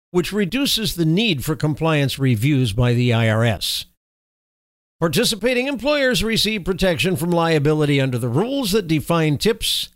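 A man hosting political commentary, reading news items in a formal, steady way and breaking off into sarcastic, scornful remarks. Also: on the high side, no room sound. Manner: sarcastic, scornful asides with chuckles; reads official text in a steady, formal delivery.

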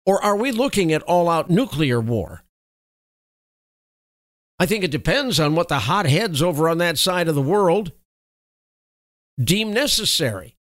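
A man's voice: a little high, big pitch swings, measured pace, pauses often, fairly bright tone, no echo. A male host giving emphatic, opinionated political commentary and correcting himself mid-thought.

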